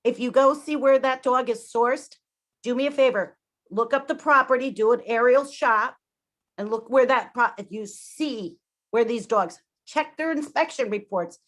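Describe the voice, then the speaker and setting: A woman's voice: on the high side, unhurried, fairly bright tone. A woman giving emotional public testimony at a hearing, upset and pleading, apologizing as she goes.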